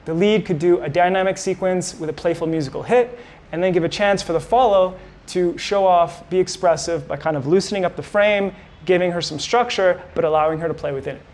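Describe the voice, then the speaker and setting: Slightly high-voiced male dance instructor. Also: a little mellow. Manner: explains clearly, calls out moves to the music. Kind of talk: instructional voice-over commentary.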